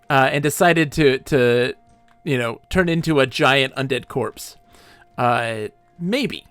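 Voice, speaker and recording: A man's voice: medium pitch, animated, takes it slowly, fairly bright tone, clear, resonant tone, dry recording, soft background music. A man streaming a game live, rambling enthusiastically and laughing often between thoughts.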